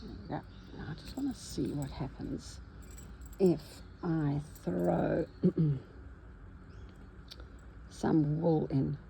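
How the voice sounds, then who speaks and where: A woman's voice: low voice, fairly even intonation, slow pace, creaky, pauses often, mellow, a little hiss or hum, low-quality recording. A woman narrating her embroidery vlog, cheerful and chatty as she talks to herself while she stitches at home. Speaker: embroidery vlogger.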